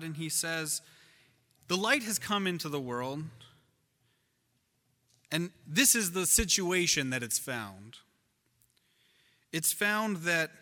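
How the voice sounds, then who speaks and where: Male pastor, bright voice, animated storytelling sermon, long church reverb. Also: fairly high pitch. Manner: animated storyteller, shifts loud and soft.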